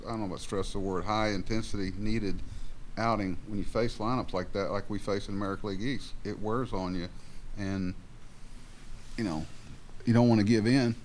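An older man, a baseball manager, answering questions at a postgame press conference in a rambling, halting way with many fillers. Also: fairly low pitch, a little hiss or hum.

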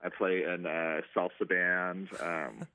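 A man's voice: deep voice, steady tone, takes it slowly, bright, forceful tone, clean tone, no echo. A man working as a stadium organist, answering interview questions casually with many ums and restarts. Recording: tinny phone line.

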